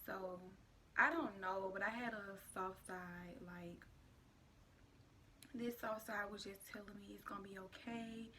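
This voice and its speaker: A young woman recounts a personal story for her vlog, keeping her voice low and often whispering. Her delivery is casual, with plenty of "like" fillers, and her pitch sits in the middle range. Faint background noise runs underneath. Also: takes it slowly, pauses often, bright, forceful tone. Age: young adult. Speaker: vlogger.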